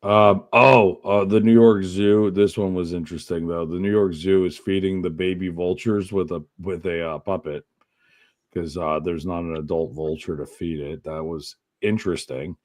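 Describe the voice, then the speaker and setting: Low-voiced guy on a podcast, swears a lot, reads weird news and reacts loud. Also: moderate pace. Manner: profane, animated, laughing at the news he reads. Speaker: podcast co-host. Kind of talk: casual chat reading news stories.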